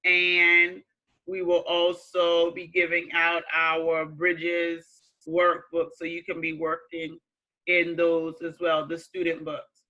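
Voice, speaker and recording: Woman teacher, casual announcements; slow, even, very bright voice. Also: fairly low pitch, lo-fi sound. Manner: slow and chatty with fillers. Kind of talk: casual remote class announcements.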